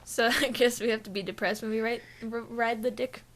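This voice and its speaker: A woman's voice: on the high side, fairly even intonation, fairly quick, a bit bright. A woman co-hosting a casual podcast, improvising a story and giggling as she acts out characters. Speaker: podcast co-host.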